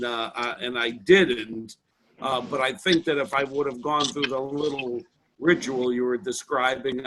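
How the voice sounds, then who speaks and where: Man participant, halting and hesitant, video call. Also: medium pitch, a bit bright, slight background noise, rough recording. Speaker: course participant. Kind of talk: casual discussion.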